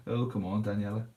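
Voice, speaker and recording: A man's voice: lowish voice, darkish tone. A man hosting a casual livestream, chatting and answering viewers' comments while he paints a model.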